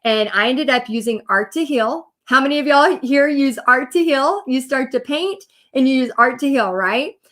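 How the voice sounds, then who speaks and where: A woman in her thirties talks straight to her viewers over a live video, her voice sitting a little high. She rambles warmly through a personal story, filling it with "like" and "you know" and acting out what people said. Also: moderate pace, few pauses. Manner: chatty, animated storytelling with many fillers. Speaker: business coach. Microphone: computer or phone mic on a live video.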